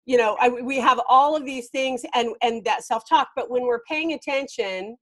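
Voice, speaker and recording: Woman, life coach guest; fairly high pitch, energetic and emphatic delivery. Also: normal speed. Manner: animated and emphatic, laughing often. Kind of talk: casual podcast interview.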